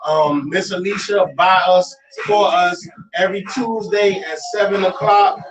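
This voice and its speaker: A man with a high voice co-hosts a casual talk show, speaking at a measured pace with fairly even intonation as he makes loose, repetitive promo plugs packed with fillers. The room is echoey with crowd noise, and the distant mic picks up music behind him.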